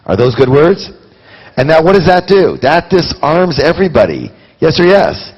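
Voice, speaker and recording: A man's voice: a little high, sing-song, moderate pace, breathy edge, big-room sound, highs cut off. A man giving a live motivational seminar, quizzing his audience with rhetorical questions. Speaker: seminar speaker.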